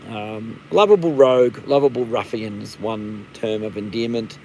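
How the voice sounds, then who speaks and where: A man's voice: on the low side, normal speed, gravelly, a little mellow, a little hiss or hum, rough recording. Australian man, 50s, livestream host. Blunt, rambling, casually profane. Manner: rambling, blunt, swears freely. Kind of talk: casual live-stream chat.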